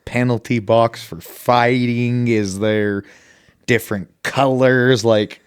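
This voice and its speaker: A man's voice: mid-range voice, fairly even intonation, takes it slowly, clean tone, no echo, clean studio sound. A man co-hosting a podcast, chatting in a laid-back, self-deprecating way and asking his co-host questions. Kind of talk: casual chat.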